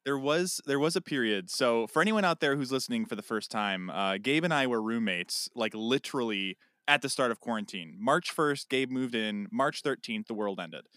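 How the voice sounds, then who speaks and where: A man co-hosting a casual chat podcast, telling an animated story and acting out a phone call. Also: mid-range voice, normal speed, hardly any pauses, no room sound, studio quality. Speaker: podcast co-host.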